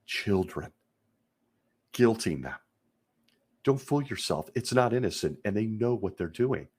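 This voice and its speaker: A man's voice: lowish voice, expressive, unhurried, darkish tone, husky. A middle-aged man hosting a commentary show, speaking in an earnest, indignant and emphatic way. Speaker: podcast host. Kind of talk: commentary on a religion he left.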